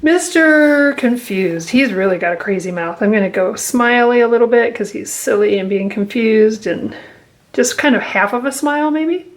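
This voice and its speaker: A woman's voice: fairly high pitch, normal speed. A woman teaching a drawing lesson, playful and encouraging, talking to children as she draws and laughing often. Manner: playful, encouraging, talks to kids while drawing; laughs often, acts out growls. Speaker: art teacher.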